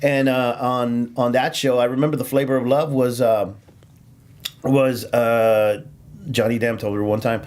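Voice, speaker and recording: A man's voice: medium pitch, little pitch movement, a little slow, a little mellow. A man who does stand-up comedy, telling stories on a casual podcast with plenty of fillers, restarts and laughter. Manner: rambling, laughs often, lots of fillers and restarts.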